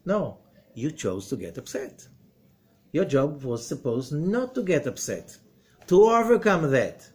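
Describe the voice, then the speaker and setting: A middle-aged male rabbi teaching a lesson in a fairly high voice. He moves between loud, emphatic bursts and low, quiet passages, and he keeps asking rhetorical questions. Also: big pitch swings, measured pace. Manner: rhetorical questions and acted-out quotes. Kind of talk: spoken Torah lesson.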